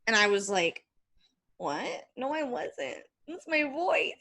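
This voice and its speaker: A woman's voice: on the high side, sing-song, slow, bright, forceful tone. A young woman guest on a podcast, bantering frankly and laughing in casual chat.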